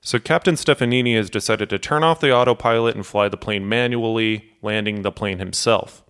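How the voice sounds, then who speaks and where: Smooth low-voiced male narrator. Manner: steady, measured storytelling that acts out cockpit quotes. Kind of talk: scripted documentary narration.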